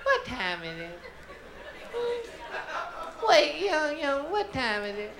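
A comedian putting on a doddering, senile old grandmother who keeps asking the same question in a high, wavering voice. The line bounces up and down in pitch. It is heard in a roomy club under roaring crowd laughter. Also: wildly swooping pitch, slow, noisy background, full character voice. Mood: confused.

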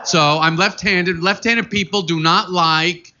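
A man from New York doing a stand-up comedy set on a club stage, animated and mock-exasperated. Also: sits high, measured pace. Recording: muffled live club recording, noisy.

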